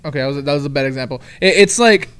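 A man's voice: on the high side, rapid-fire, a bit bright, smooth. A man co-hosting a casual podcast, laid-back and slangy, peppering talk with "dude" and "like". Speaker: podcast co-host. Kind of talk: casual advice podcast chat.

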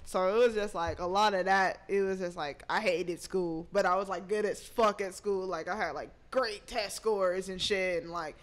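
A woman's voice: mid-range voice, steady tone, normal speed, hardly any pauses. A young adult woman, a rapper, talking casually as a podcast guest in slangy, profane speech and laughing often. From United States.

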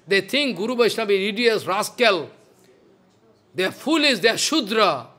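Male spiritual teacher, high voice, emphatic scolding devotional sermon. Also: sing-song, moderate pace. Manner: emphatic and scolding, swinging between loud and hushed. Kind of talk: devotional lecture.

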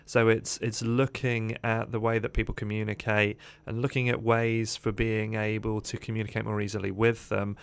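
A man's voice: fairly low pitch, flat delivery, moderate pace, creaky, few pauses, smooth. A man, a guest on a radio interview, telling his life story in a rambling way with many fillers, recorded in a studio.

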